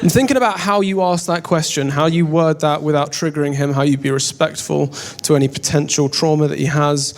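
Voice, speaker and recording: A man's voice: a little high, fairly even intonation, fairly quick, few pauses. A young English man doing stand-up, telling a story on stage in a wry, self-deprecating way. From England. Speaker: stand-up comedian. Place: on stage before a live audience.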